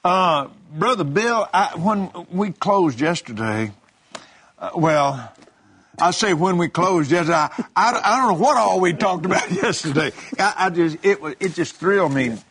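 A man's voice: high-pitched, expressive, normal speed, fairly bright tone, slight background noise. An older man, a minister co-hosting, telling folksy stories and preaching in casual conversation with laughs and restarts. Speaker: minister co-host.

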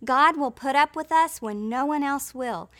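High-voiced woman teaching a Bible lesson. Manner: clear, measured, gently emphatic reading. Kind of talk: scripted teaching narration.

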